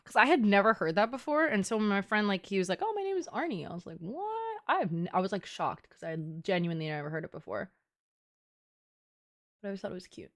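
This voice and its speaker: A woman's voice: mid-range voice, fast talker. A woman in her twenties, a streamer chatting casually and playfully with her live chat, teasing and filling her talk with "like".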